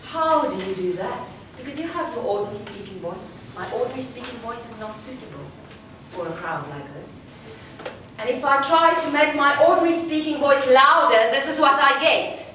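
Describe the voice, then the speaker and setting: In a fairly high, expressive voice, a female voice coach delivers a slow, deliberate, demonstrative workshop talk to a live audience in a large room. She's recorded from afar, and the reverberant hall adds noticeable room noise.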